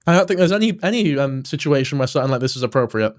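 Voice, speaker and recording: A man's voice: medium pitch, animated, very fast. A man hosting a live stream, chatting casually in a blunt, laid-back way and swearing freely. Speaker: livestream host.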